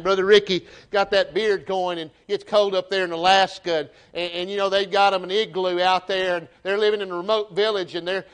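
A man with a Southern US accent preaching a sermon to his church, folksy and animated, often restarting his phrases. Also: high voice, smooth. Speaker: pastor. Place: church sanctuary.

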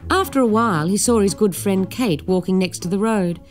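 A woman narrating a children's story in an expressive reading voice. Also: medium pitch, brisk, music in the background.

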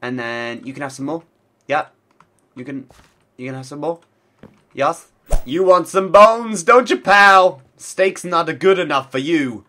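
Bright, lively gamer guy with a stuffy cold. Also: a little high, a little slow, pauses often. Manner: chatty, talks to himself and the animals. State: congested from a cold. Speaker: gaming channel host. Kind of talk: casual Minecraft let's-play commentary.

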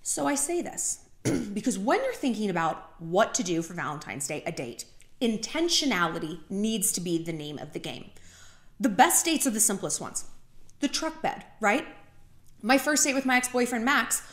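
Animated chatty woman vlogger, roomy room. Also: mid-range voice, normal speed. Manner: talkative, heavy use of "like", animated asides. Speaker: vlogger giving dating advice. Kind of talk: casual chatty monologue. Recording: roomy echo.

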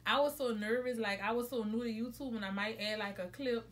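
A woman's voice: on the high side, fairly even intonation, brisk, a little hiss or hum. A young woman, telling a rambling, chatty storytime to her vlog viewers from home and correcting herself as she goes. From New Orleans, USA. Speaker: vlogger. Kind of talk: casual storytime monologue.

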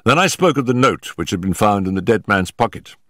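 An older man narrates a story in a low, measured voice with a grave, unhurried weight. The recording is close and dry, with no room sound. Every sentence is delivered with deliberate storytelling care. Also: expressive, fairly bright tone, dry recording. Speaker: audiobook narrator. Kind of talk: scripted narration.

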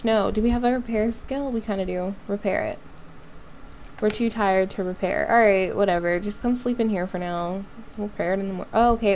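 A woman's voice: mid-range voice, a little mellow, a little hiss or hum. A woman hosting a life-sim game video, chatting casually and talking to her characters as she plays. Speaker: gaming channel host. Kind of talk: casual let's-play commentary.

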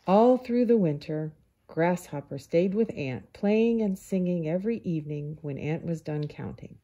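A woman reading a children's picture book aloud in a calm, unhurried storyteller manner. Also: fairly low pitch.

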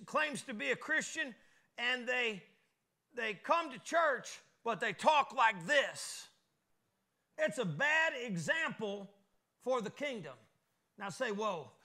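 A man preaching a sermon as pastor, folksy and lively, with call-and-response asides to the congregation and a Midwestern American accent. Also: high voice, gravelly.

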